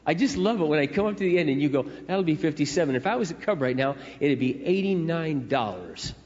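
A man's voice: on the high side, big pitch swings, brisk, darkish tone. A middle-aged man preaching a sermon in a conversational, storytelling way. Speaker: pastor. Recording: echoey hall, dull lo-fi sound.

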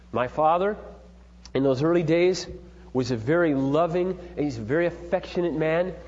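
A man's voice: medium pitch, big-room sound, highs cut off, a little hiss or hum. A middle-aged man giving an earnest, emphatic, preachy talk on parenting, told through personal stories. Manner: earnest, emphatic, building to forceful points. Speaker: parenting speaker.

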